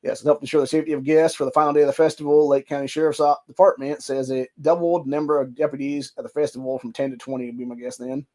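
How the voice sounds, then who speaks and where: A man's voice: mid-range voice, little pitch movement, fast talker, few pauses, mellow. A man with an Ohio accent, hosting a show, reading news articles aloud and breaking into heated, profane rants. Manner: heated, profane ranting between stretches of reading. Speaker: podcast host.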